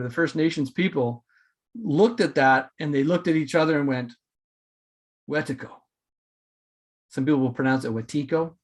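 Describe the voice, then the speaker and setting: A man hosting a casual spiritual podcast, talking in a rambling way with many fillers and restarts. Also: fairly high pitch. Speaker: podcast host.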